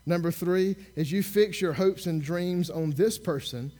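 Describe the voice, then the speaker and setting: High-voiced man preaching with sarcasm. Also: measured pace. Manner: sarcastic, animated storyteller who acts out dialogue. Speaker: minister. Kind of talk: storytelling sermon.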